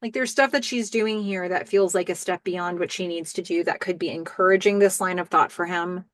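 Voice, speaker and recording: A woman's voice: lowish voice, fairly quick, no room sound. Middle-aged woman host, enthusiastic recapper, dry close sound. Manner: animated, enthusiastic. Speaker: podcast host. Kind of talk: TV episode recap.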